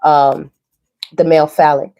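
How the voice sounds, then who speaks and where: A woman's voice: low-pitched, little pitch movement, measured pace, mellow. A woman giving a casual spoken tarot reading, chatty and repetitive, restating each point twice. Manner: chatty, repetitive, relays messages in quotes. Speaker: tarot reader.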